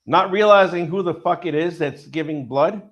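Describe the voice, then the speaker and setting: Profane rambling man with a high-ish voice. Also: normal speed, fairly bright tone. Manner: profane, rambling storyteller who acts out quotes. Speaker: podcast co-host. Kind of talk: casual chat.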